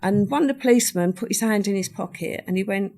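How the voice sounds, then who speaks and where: An older woman guesting on a podcast talks fast in a medium-pitched, slightly mellow voice. She tells a personal story vividly in conversation, playing out what others said.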